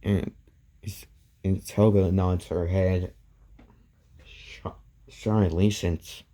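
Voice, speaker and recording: A man retells a fan story in a slow, unhurried way, stopping and restarting as he goes. His voice sits low and sounds very dark and mellow. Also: fairly even intonation. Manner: halting, many restarts and "goes like".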